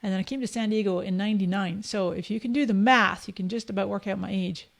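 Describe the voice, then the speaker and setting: A woman in her fifties from Canada with a Scottish accent, hosting a live-streamed software tutorial in a chatty, upbeat way and talking straight to her viewers. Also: medium pitch, steady tone, fast, creaky. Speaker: host of a live social media training.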